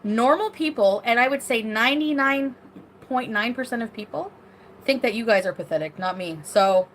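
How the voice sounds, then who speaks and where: A woman's voice: fairly high pitch, moderate pace, a little hiss or hum. A woman ranting in a casual vlog clip, defiant and mocking, with a lot of swearing.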